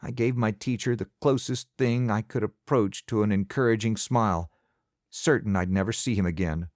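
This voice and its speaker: A man narrating an audiobook in the first person, measured and expressive. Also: lowish voice, dry recording, studio quality.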